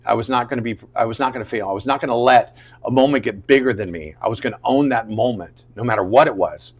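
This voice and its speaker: A man from Jacksonville, Florida, telling an animated story as a podcast guest, dropping to a hush and then rising loud. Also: mid-range voice, fast talker. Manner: dramatic, swings between loud and hushed. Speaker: guest, actor.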